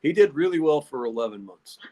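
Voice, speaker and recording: A man's voice: fairly high pitch, animated, a little fast, warm tone. Folksy rambling man. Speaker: podcast host. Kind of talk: casual storytelling monologue.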